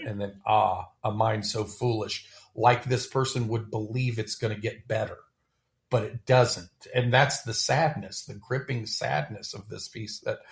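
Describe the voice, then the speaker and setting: Man podcast host, gravelly voice, animated and stammering, casual. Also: medium pitch. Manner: animated, stammering restarts, chuckling. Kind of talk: casual discussion of a poem.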